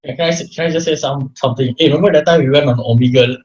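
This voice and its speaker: A man's voice: mid-range voice, darkish tone, lo-fi sound. A young man from Singapore, teasing and chiming in during a casual chat. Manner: teasing, quick interjections.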